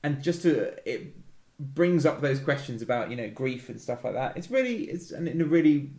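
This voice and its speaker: A man's voice: mid-range voice, expressive, darkish tone. Teasing man in an echoey room. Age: 30s. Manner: wry, teasing, quick asides. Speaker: podcast host. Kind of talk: casual film chat. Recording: roomy echo.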